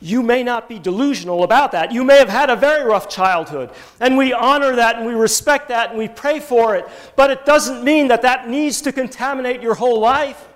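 A man preaching a sermon, telling Bible stories with animated emphasis that rises toward his points. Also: very high voice, brisk, few pauses. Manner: animated storytelling, rising with emphasis. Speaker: pastor.

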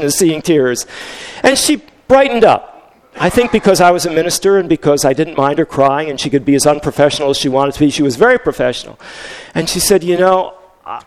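An older male pastor telling a story in a conversational sermon, with frequent restarts. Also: on the high side.

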